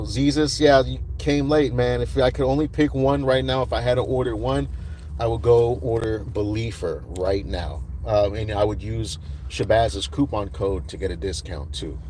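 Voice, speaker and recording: A man's voice: mid-range voice, normal speed, a little mellow, a little hiss or hum. A man hosting a casual livestream outdoors at night, rambling with many fillers and greeting viewers by name. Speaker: livestream host.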